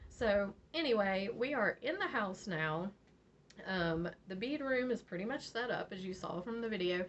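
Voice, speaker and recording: A woman's voice: medium pitch, moderate pace. A woman from Virginia, telling a story casually as a vlog host and laughing often. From West Virginia. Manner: animated, laughs often, acts out quotes. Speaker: beading channel host. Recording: slightly dull audio, faint noise.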